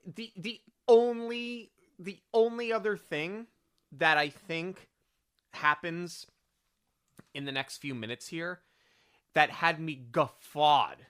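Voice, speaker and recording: A podcast co-host in casual film review chat, animated and incredulous, acting out scenes in quick put-on voices. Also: mid-range voice, clear, resonant tone.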